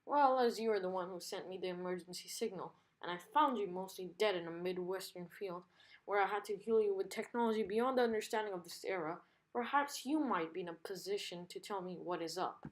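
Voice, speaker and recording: A woman's voice: mid-range voice, fairly quick, close to an everyday voice, poor audio. A woman reading aloud and voicing a prim, dry-witted robot sidekick from a comic book.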